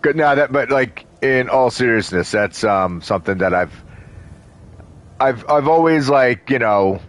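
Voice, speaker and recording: A man's voice: mid-range voice, animated, unhurried. A man casually commenting while playing a video game, rambling with lots of fillers and restarts. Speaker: video game let's-play host.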